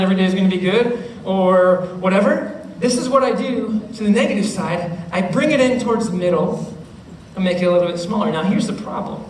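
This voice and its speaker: Young male youth speaker, high voice, animated and chatty, heard from a distance in a roomy hall. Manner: animated, acts out students' voices, keeps checking in with the listeners. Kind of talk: youth talk to middle schoolers. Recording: roomy, distant mic with faint noise.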